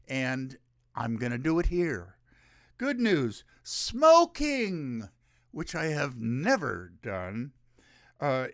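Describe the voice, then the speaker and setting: A man's voice: a little high, fairly bright tone, no echo, studio quality. A man hosting his own show, giving rambling, sarcastic solo commentary. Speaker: show host.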